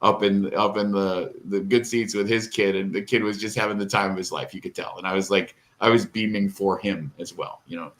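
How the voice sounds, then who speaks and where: Low-voiced middle-aged man telling a heartfelt story. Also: steady tone, a little fast, few pauses, a bit bright. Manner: rambling and emotional, tearing up. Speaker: podcast co-host. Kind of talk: casual chat.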